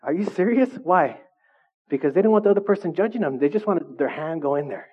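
Pastor, male, slightly high voice, chatty sermon delivery, dull lo-fi capture. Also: fast, husky. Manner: conversational, animated, asks the congregation questions.

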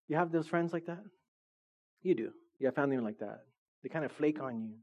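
A man preaching a sermon as a pastor, lively and joking, acting out voices from his stories. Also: a little high, moderate pace. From California. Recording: dull lo-fi sound.

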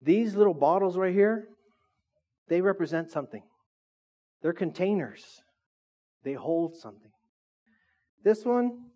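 A man's voice: fairly high pitch, mellow, lo-fi sound. A man preaching a casual, joking sermon, teasing his audience and asking them questions.

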